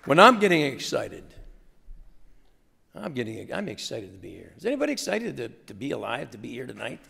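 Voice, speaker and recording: Rallying college students through call-and-response, a male guest speaker delivers an enthusiastic motivational speech in a lecture hall. His medium-pitched voice swoops wildly, runs a little fast, and has vocal fry, a sharp tone, and a breathy edge. A faint crowd and roomy hall reverb are audible.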